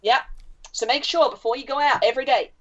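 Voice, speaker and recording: A woman's voice: high-pitched, quick pace, muffled recording. A woman with an Australian accent, co-hosting a podcast and telling stories in casual chat with a lot of swearing. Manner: animated storytelling, frequent swearing. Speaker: podcast co-host.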